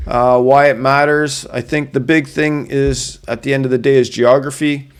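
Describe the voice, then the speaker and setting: A Canadian man talking in a casual explainer vlog, carefully sounding out place names with many pauses and fillers. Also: mid-range voice, level tone, clean tone. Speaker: solo hiker sharing advice.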